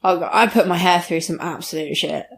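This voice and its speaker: A woman's voice: lowish voice, brisk, vocal fry. Frank young woman, casual podcast guest. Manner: frank, self-mocking, laughs often. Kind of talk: casual chat.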